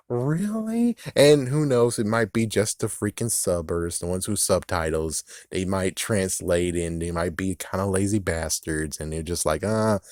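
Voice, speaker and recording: A man with a lowish voice rambles through a casual rant straight to camera, swearing often and breaking into laughs. The sound is dry and close, with no room echo. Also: a little mellow. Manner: rambling, swears freely, laughs, acts out quotes. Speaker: video creator.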